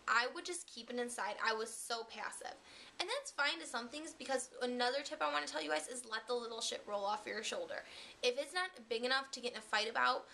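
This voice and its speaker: Young woman vlogging relationship tips, bright slightly high voice, chatty and blunt, bit of hiss on the mic. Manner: chatty, candid, uses fillers and mild swearing. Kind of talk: casual advice vlog to camera.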